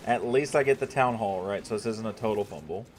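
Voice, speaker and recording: A young man with a fairly low voice talks his way through a strategy game for his chat. He thinks aloud and swears when irritated. A faint hiss sits under the recording. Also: fairly quick. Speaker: streamer. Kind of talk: casual gameplay commentary to chat.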